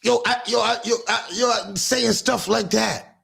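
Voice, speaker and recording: A man with a high, gravelly voice speaks straight to his livestream audience. His talk is blunt and full of swearing, and he keeps stopping, restarting and repeating himself. He comes across as a father working through his own guilt in a loose street-talk monologue. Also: fairly even intonation, unhurried, a bit bright, faint music behind. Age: adult father. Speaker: livestream host giving parenting talk. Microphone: livestream setup.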